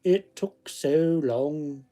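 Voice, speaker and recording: A man with a fairly high, mellow voice that draws out his words reads ghost stories in an affected Scottish accent. He chats casually between passages, interrupting the reading with asides.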